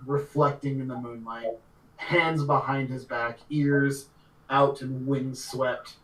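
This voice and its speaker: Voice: medium pitch, a bit bright. A game master narrating a tabletop game casually, with lots of fillers. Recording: echoey room.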